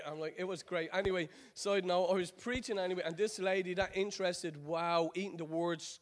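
A man from Ireland with an Irish accent, preaching a sermon in a chatty, joking storytelling way that drops into quiet prayer. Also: high-pitched, normal speed, a little hiss or hum. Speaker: pastor.

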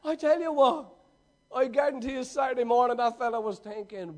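A man preaching a sermon, swinging between loud, excited storytelling and hushed, earnest talk, with a conversational, slangy manner. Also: extremely high pitch, moderate pace.

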